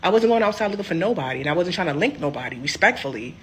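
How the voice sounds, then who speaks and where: A young woman telling a personal story in a casual, animated, sassy way. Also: fairly low pitch, rapid-fire, a little hiss or hum. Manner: animated, sassy, emphatic swings.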